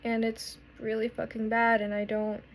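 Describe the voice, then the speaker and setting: A woman's voice: on the high side, completely flat delivery. Raw, profane young woman vlogger. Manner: raw, halting, profane, many restarts. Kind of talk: confessional vlog.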